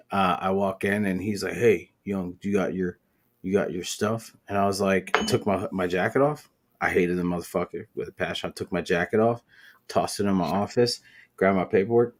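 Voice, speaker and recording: Pria berbicara rendah, bercerita kasar. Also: male voice, deep voice. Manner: profane, animated storytelling. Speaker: podcast host. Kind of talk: casual chat.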